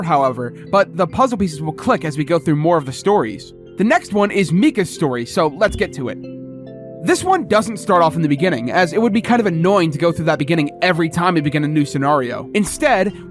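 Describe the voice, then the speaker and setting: A young man narrating a scripted game retrospective with wry, self-deprecating commentary. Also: high voice. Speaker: video essay narrator. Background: faint background music.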